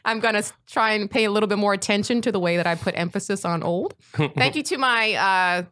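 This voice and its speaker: A woman's voice: medium pitch, fairly quick, fairly bright tone, no room sound. A woman hosting a podcast, bubbly and often laughing as she chats casually. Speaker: podcast host.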